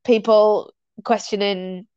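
A woman's voice: mid-range voice, takes it slowly, clear, resonant tone, no echo. A woman, a guest in a casual conversation, telling stories with frequent laughs and restarted phrases. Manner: chatty, animated storyteller who laughs often and restarts phrases. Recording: dull, dry lo-fi sound.

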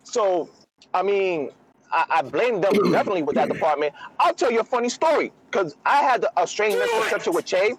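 Fast-talking high-voiced man, blunt and profane. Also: expressive, breathy edge, no echo, low-quality recording. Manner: profane, emphatic storyteller. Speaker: podcast co-host. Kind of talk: casual heated chat.

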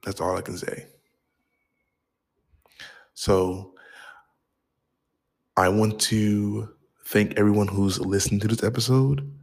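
A man hosting a podcast, talking earnestly to his listeners in a halting way, with frequent restarts. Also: lowish voice, fairly even intonation, gravelly, a little mellow. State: choked up. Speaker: podcast host. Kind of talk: heartfelt podcast outro.

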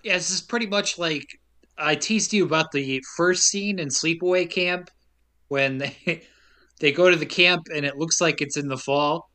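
A man hosting a casual podcast, lively and laughing often. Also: fairly high pitch, a little slow. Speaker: podcast host. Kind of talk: casual chat.

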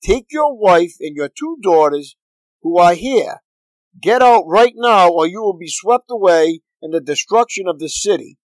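A man's voice: high voice, expressive, measured pace, dry recording, low-quality recording. A man reading aloud as an angel messenger, urgent and insistent, giving commands.

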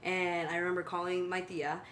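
A woman hosting a podcast, telling stories in a lively, casual conversational way. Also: lowish voice, moderate pace, a little hiss or hum. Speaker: podcast host.

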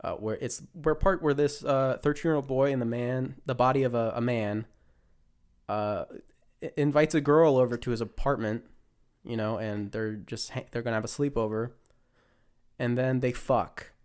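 A young man co-hosts a casual podcast about films. He retells plots in a loose, rambling way and often breaks off to restart a sentence. His voice sits at an ordinary middle pitch. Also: moderate pace, a little mellow. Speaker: podcast co-host. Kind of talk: casual film chat.

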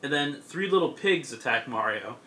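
A man's voice: mid-range voice, expressive, moderate pace, pushed and bright. A young man in a casual chat, rambling through a comic's plot with lots of fillers and laughs. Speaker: podcast co-host.

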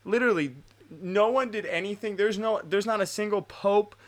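A man's voice: high voice, moderate pace. A man in his twenties chatting on a podcast, ranting and telling stories with constant swearing. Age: 20s. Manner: animated, profane ranting storyteller. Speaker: podcast co-host. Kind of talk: casual podcast chat.

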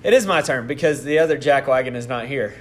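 A man's voice: medium pitch, fast talker, a little hiss or hum. A man co-hosting a podcast, telling a story in casual chat with lots of laughter. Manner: animated storyteller, laughs often. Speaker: podcast co-host.

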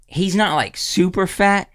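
A man's voice: high-pitched, fairly bright tone. Male podcast co-host, casual studio chat, rambly and hesitant. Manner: rambling, searching for words.

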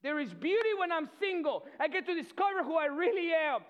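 A male pastor preaching a sermon with energy, often repeating words and swinging between loud and soft. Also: very high-pitched, lively intonation, fairly quick. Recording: dull lo-fi sound.

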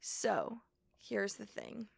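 A young woman co-hosting a podcast, chatting in a lively way and acting out quoted lines as she goes. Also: medium pitch, vocal fry, dry recording, studio quality. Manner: chatty, animated, quick quoted asides. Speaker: podcast co-host. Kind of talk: casual chat.

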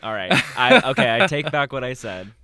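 A man's voice: medium pitch, big pitch swings, brisk, sharp tone. A man in casual chat, reacting to a story with short interjections.

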